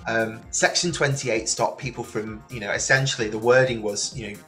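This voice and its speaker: A man from near Liverpool in England, a guest telling his story in a relaxed interview, lively and full of restarts. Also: mid-range voice, normal speed, soft background music. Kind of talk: casual interview chat. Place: remote call from another country than the host.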